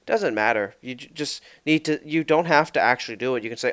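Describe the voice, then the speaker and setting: Male podcast co-host, clear smooth voice, casual rambling chat, muffled lo-fi recording. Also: mid-range voice, a little fast, few pauses, a bit bright. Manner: rambling, self-correcting, acts out player quotes. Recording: dull lo-fi podcast mic.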